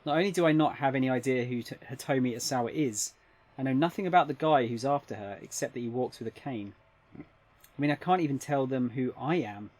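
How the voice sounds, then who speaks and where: A man reading aloud the first-person narration of a young woman caught in a strange situation, in a plain, lightly expressive voice. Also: medium pitch, fairly quick, close to an everyday voice. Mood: worried. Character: young woman narrating her own puzzled predicament. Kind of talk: reading game text aloud.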